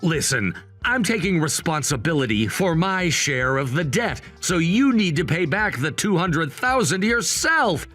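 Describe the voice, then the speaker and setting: A man's voice: a little high, big pitch swings, measured pace, few pauses, a bit bright, faint music behind, exaggerated voice. A man playing a cold, calculating grown son. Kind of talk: voiced story narration drama.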